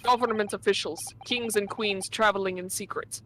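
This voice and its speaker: A woman's voice: mid-range voice, steady tone, normal speed, a bit bright, a little hiss or hum, pitched below the performer's own voice, close to an everyday voice, poor audio. A woman voicing a blunt male Russian ship steward in a put-on Russian accent, dropping little words as she reads a game's lines. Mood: gruff. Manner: drops articles, curt. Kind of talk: game dub read-along.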